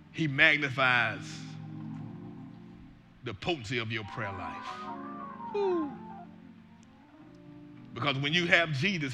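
A man preaching a sermon, shouting with passion and breaking into joking asides. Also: a little high. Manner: shouting, impassioned Black church preaching cadence.

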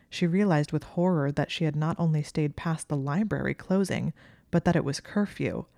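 Low calm woman reading fanfic aloud, mellow and dry sounding. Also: no echo. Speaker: narrator. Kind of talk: fan fiction reading.

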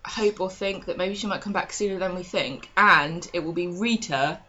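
A woman's voice: on the low side, moderate pace. Sarcastic woman, lo-fi. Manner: sarcastic, animated retelling with acted quotes. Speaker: podcast co-host. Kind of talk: casual soap recap chat.

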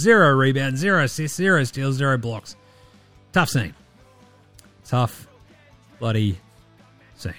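An Australian man hosting a sports chat show, talking in a crude, sarcastic way with plenty of swearing. His voice sits a little higher than most men's, with some soft music running faintly underneath. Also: no echo. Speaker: podcast host.

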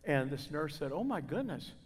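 A man's voice: a little high, sing-song, normal speed, slightly rough. A man preaching in a church, telling a personal testimony and acting out the people he quotes. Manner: storytelling, acting out quoted voices. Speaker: guest preacher. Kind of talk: sermon testimony. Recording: reverberant church hall.

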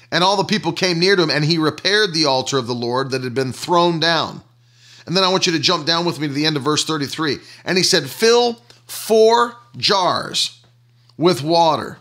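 A man's voice: fairly high pitch, sharp tone. A man preaching a sermon, reading scripture aloud and repeating key phrases for emphasis. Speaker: pastor.

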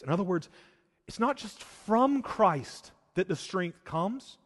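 Pastor, male, sermon in a big church: high animated voice, slow deliberate delivery, long hall reverb. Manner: swings from loud emphatic peaks to hushed intensity.

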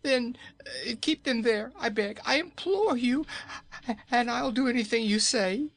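A man's voice: high voice, big pitch swings, unhurried, vocal fry, fairly bright tone, pitched above the performer's own voice, heavily acted. A man voicing a cowardly, whining male gnome king who pleads and trembles. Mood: terrified.

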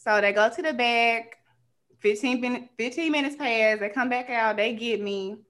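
Bright-voiced young woman ranting animatedly. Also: fairly high pitch, moderate pace. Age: young adult. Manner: animated, colloquial, acts out dialogue. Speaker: podcast host. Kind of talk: casual rant storytelling.

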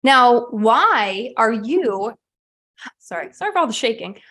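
A woman's voice: fairly high pitch, big pitch swings, measured pace, a bit bright. A woman hosting a podcast who talks candidly and with energy, sometimes swearing casually, while coaching her listeners at home. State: sweaty and a bit winded. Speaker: podcast host. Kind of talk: motivational podcast monologue. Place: at home, puppy in the room.

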